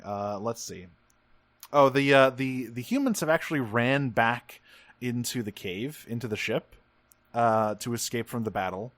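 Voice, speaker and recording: A man's voice: mid-range voice, a bit bright, no echo. Male co-host, casual rambler, swears freely; dry, close sound. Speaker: podcast co-host. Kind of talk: casual chat recapping a cartoon.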